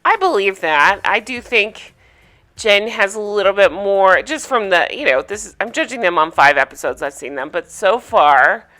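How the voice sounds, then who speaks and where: A woman's voice: mid-range voice, animated, moderate pace, bright, forceful tone. A woman hosting a casual recap vlog, chatty and opinionated, sharing gossipy takes. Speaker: reality TV recap host.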